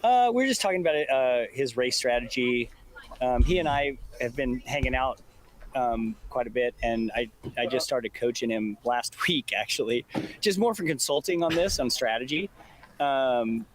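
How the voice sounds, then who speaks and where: Relaxed man, running coach. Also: medium pitch, slight background noise. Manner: relaxed, halting with fillers. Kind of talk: casual interview.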